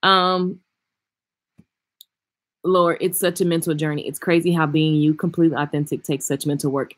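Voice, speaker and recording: A woman hairstylist chatting casually and frankly on a livestream, reading and answering viewer comments with animated swings in loudness. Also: low-pitched, moderate pace. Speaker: hairstylist and vlogger. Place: traveling, indoors.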